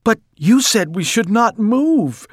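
Man doing a shrill, fussing wife. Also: animated, slow, no room sound, clean studio sound, exaggerated voice. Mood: frightened. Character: doting wife, fussing then frightened.

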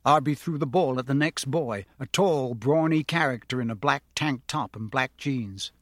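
A man's voice: mid-range voice, normal speed, no echo, studio quality. A man narrating a novel aloud, shifting his voice up for the characters he quotes. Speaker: audiobook narrator.

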